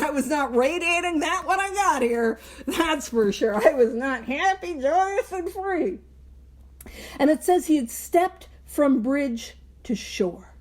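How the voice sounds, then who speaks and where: A woman with a high, bright-sitting voice leads a book study in a relaxed, conversational teaching style. She leans hard on key words with earnest conviction and lets small chuckles slip between her phrases. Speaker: host of a recovery book study. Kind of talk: casual spoken teaching.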